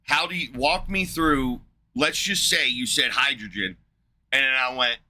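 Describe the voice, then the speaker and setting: A man's voice: medium pitch, bright, forceful tone. A man hosting a livestream, firing angry, profane questions at a chat participant he is frustrated with. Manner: combative, profane, rapid questioning. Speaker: livestream host. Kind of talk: heated livestream rant.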